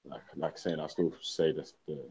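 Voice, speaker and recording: Deep, husky man, laid-back podcast co-host, muffled lo-fi sound. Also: little pitch movement, moderate pace, a little mellow. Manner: hesitant, laid-back, frequent fillers. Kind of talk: casual chat. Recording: dull lo-fi recording.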